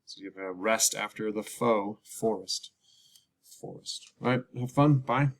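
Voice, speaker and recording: A man teaching English vocabulary in a casual lesson, slowly repeating each word and explaining its spelling. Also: fairly low pitch. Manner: repeats words slowly, drawn-out pronunciation drills. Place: lives in Colombia.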